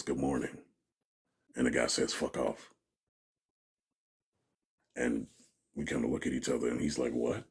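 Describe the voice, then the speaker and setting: A man with a bass voice, gravelly and husky, tells a story casually in an interview. He's an animated storyteller who acts out what people said and laughs often.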